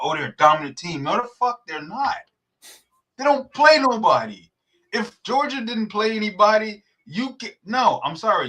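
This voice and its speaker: A man, co-hosting a sports podcast, ranting about college football schedules in a heated, profane, animated way. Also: a little high. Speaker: podcast co-host. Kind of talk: casual sports debate.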